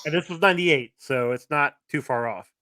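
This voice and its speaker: A man's voice: a little high, brisk, sharp tone, no room sound. A man co-hosting a podcast, chatting casually and rambling with many restarts and fillers. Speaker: podcast co-host. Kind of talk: casual chat.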